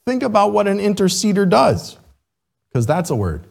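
A man preaching a sermon as pastor, animated and checking in with the congregation with "right?". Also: sits high, normal speed, creaky.

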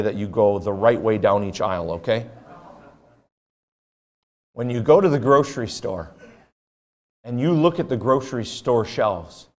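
A man's voice: medium pitch, darkish tone. A man preaching a conversational sermon in a church auditorium, often putting questions to the congregation. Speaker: pastor.

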